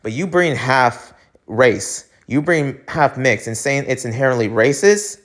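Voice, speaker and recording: A man's voice: medium pitch, animated, unhurried, fairly bright tone. A man from the United States hosting his own podcast, who rambles with lots of fillers and restarts and gets heated and emphatic. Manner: heated and emphatic when ranting. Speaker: podcast host. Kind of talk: solo podcast rant.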